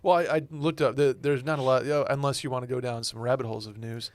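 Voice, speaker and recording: A man's voice: medium pitch, steady tone, fast, no echo. A young man on a podcast, bringing news stories into the chat and stumbling a little. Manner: hesitant, stumbling. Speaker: podcast co-host reading news. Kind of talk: casual banter among friends.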